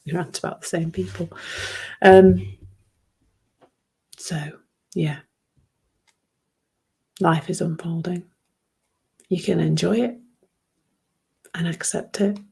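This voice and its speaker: A woman hosting a reflective solo podcast in a soft, emotional way, often laughing and dropping into whispers. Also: on the low side, creaky, husky. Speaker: podcast host.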